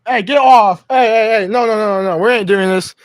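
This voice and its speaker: A man's voice: high-pitched, normal speed. A young man live streaming from home on his phone, chatting to his cat in slangy, profane speech. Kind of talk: casual live stream chat.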